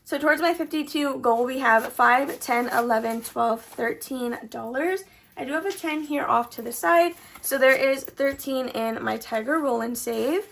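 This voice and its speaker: High-voiced chatty woman vlogger. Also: moderate pace, gravelly, a bit bright, slight background noise. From Texas. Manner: chatty, filler-heavy, upward-trailing sentence endings. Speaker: budgeting vlogger. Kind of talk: casual savings challenge vlog.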